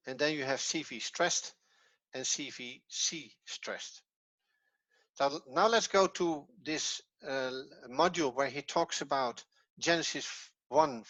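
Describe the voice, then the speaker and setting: A man's voice: fairly high pitch, a bit bright, no echo. A man leading a screen-share lesson, enthusiastic and loose, thinking aloud as he moves between materials. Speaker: course teacher. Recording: dry lo-fi audio.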